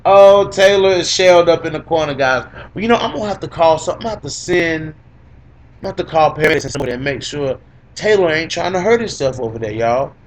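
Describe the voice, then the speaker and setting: Young male podcast co-host, higher-pitched, boastful and teasing, loops his lines for emphasis. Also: animated, quick pace. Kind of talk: gloating casual MMA commentary.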